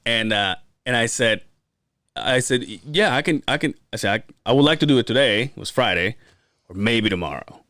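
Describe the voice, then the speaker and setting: Profane storytelling podcast host, lively. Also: male voice, medium pitch, moderate pace, no echo, clean studio sound. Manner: profane, animated storytelling with acted-out quotes. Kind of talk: casual storytelling chat.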